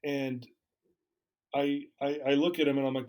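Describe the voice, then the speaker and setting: A man's voice: mid-range voice, fairly even intonation, brisk, darkish tone. A man guest in an interview, candidly telling a personal story and acting out the dialogue he recalls. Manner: candid, acts out quoted dialogue.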